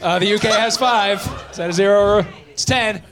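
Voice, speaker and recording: A man's voice: high voice, normal speed, soft background music. A man hosting a live comedy game show, playful and laughing as he runs the rounds. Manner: lively, laughing, playful emcee. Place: live venue before an audience.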